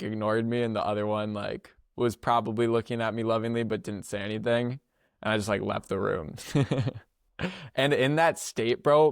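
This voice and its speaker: Low gravelly young man, rambling casually. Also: dry recording, studio quality. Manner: rambling, laughs often, filler-heavy slangy speech. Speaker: podcast co-host. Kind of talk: casual storytelling chat.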